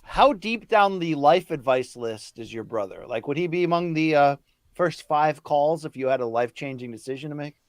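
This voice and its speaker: A man with a fairly high, very animated voice, teasing and firing off questions at his co-host. The sound is close and dry. He co-hosts a casual live watch-along. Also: normal speed, no echo.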